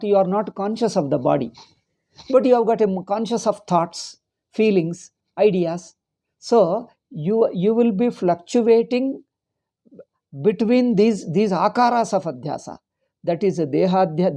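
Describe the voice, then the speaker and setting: Guy giving a vedanta class, warm mellow voice, goes over each point again and again. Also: sits high, vocal fry. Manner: patient, repetitive explaining, many Sanskrit terms. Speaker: Vedanta teacher. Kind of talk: scripture class lecture.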